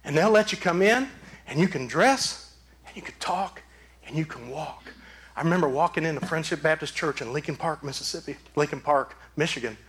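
A man's voice: a little high, lively intonation, brisk, a bit bright, slight background noise. A man preaching a sermon as pastor, emphatic, with repeated phrases. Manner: emphatic, repetitive preaching cadence.

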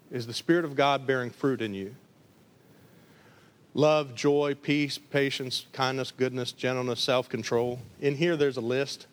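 A man from the Detroit area preaching a lively sermon, acting out voices in his stories. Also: medium pitch. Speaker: pastor.

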